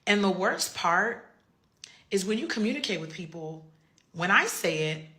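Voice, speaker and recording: A woman's voice: mid-range voice, expressive, normal speed, sharp tone. A woman giving a blunt, emphatic monologue to camera, her voice jumping up sharply when she drives a point home. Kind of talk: direct-to-camera social media monologue.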